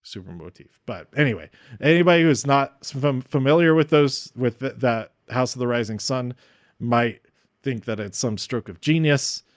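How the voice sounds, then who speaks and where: A man's voice: mid-range voice, expressive, normal speed, no room sound. Guy rambling about a wrestling show, keeps restarting, medium voice, pretty dry room. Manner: rambling, many restarts, openly emotional. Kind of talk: casual spoken review.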